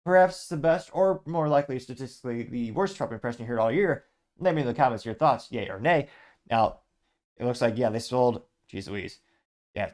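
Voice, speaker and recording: A man hosting a political news commentary show, reading quotes and adding sarcastic asides. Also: medium pitch.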